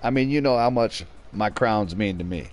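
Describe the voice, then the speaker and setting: A man's voice: fairly low pitch, moderate pace, soft background music. A young man giving casual, joking commentary while streaming a game, rambling and snapping at teammates now and then.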